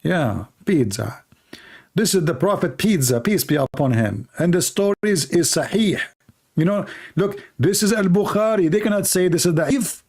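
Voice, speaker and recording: A man's voice: fairly high pitch, normal speed, a little mellow. A man hosting a livestream, giving mocking commentary in a sarcastic, jokey, repetitive way, with the grammar of a non-native English speaker. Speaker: livestream host.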